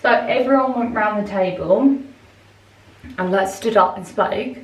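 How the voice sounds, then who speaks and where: A woman's voice: medium pitch, moderate pace, recorded from a distance. Young woman, casual vlog chat, rambling with lots of "like", roomy sound, a little off-mic. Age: 20s. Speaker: vlogger and brand owner. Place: hotel room.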